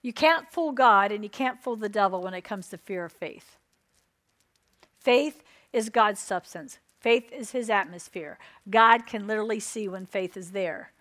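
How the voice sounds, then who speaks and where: A woman's voice: medium pitch, measured pace, fairly bright tone. A woman preaching a sermon, emphatic and repeating her points while asking the crowd for an "Amen".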